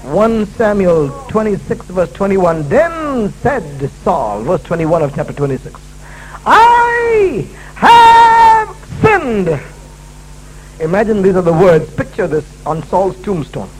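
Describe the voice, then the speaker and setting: A male preacher delivers a sermon in a church service, hammering his points through repetition. His voice sits very high and swings widely, rising and falling with each emphatic phrase. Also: animated, moderate pace, hardly any pauses, darkish tone, slight background noise, low-quality recording. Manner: emphatic and repetitive, restating key lines.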